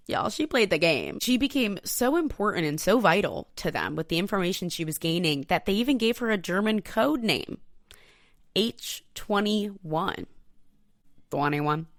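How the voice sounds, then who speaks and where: A woman hosting a podcast, telling a history story in a casual, profane, animated way and talking straight to her listeners. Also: medium pitch, dry recording, clean studio sound. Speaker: podcast host.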